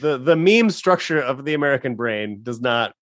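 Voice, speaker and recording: A man's voice: medium pitch, animated, a bit bright, no room sound, studio quality. Rambling man on a casual podcast. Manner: rambling, halting, lots of restarts. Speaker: podcast co-host.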